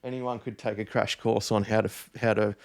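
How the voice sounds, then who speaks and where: Man, gravelly voice, dj guest, rambling casual chat, swears freely. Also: on the low side, little pitch movement, brisk, a little mellow.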